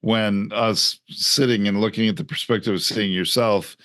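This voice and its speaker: Deep-ish guy cohost, emphatic, real dry close sound. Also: fairly even intonation, normal speed, fairly bright tone, dry recording. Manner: emphatic, ranting. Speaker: podcast co-host. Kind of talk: casual chat.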